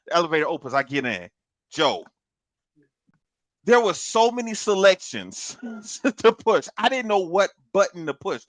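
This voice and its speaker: A man's voice: high voice, very animated, measured pace, a bit bright, no echo. A man co-hosting a podcast, telling a long story in casual chat, swearing, laughing often and acting out what other people said. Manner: acts out other people's lines while retelling. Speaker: podcast co-host.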